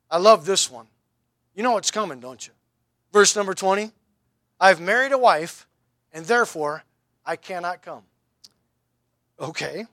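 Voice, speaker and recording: A man's voice: sits high, a bit bright, no room sound, clean studio sound. A male pastor preaching a sermon, asking wry rhetorical questions and pressing his points with emphasis.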